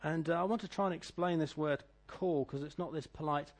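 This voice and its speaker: A middle-aged British man preaching a sermon, reading scripture and telling stories, swinging between loud declaiming and quiet asides. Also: fairly high pitch, brisk. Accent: British English. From Britain.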